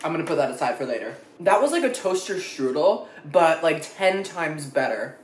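A young man reviewing fast food in a casual vlog, his voice swinging up and down in lively, dramatic reactions. He swears freely and plays everything up. The room adds a noticeable echo and faint background noise. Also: fairly high pitch. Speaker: food vlogger. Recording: echoey room.

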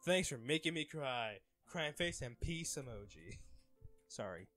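A man's voice: medium pitch, expressive, measured pace, a bit bright, faint music behind. A young man reading fan comments aloud in casual chat, laughing often and getting flustered over names.

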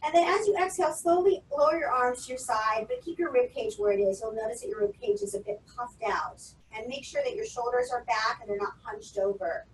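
A woman coaching public speaking in a webinar, calmly instructing and counting out breathing exercises. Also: a little high. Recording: roomy echo, distant from the mic, faint noise.

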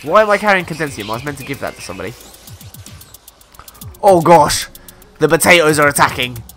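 Animated young gaming commentator. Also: male voice, on the high side, brisk, soft background music. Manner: animated, exclaiming and laughing often. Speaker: gaming YouTuber. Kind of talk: excitable let's-play commentary.

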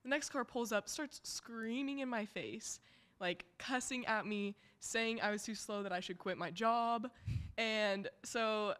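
A young woman co-hosting a student podcast, telling a work story in a relaxed way with many fillers. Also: a little high, unhurried, clear, resonant tone. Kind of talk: casual storytelling.

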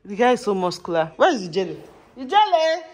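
Chatty high-voiced woman. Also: very animated, fast talker, darkish tone, slight background noise. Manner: chatty, coaxing, often laughing while calling the dogs. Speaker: vlogger. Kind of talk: casual home vlog. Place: home indoors.

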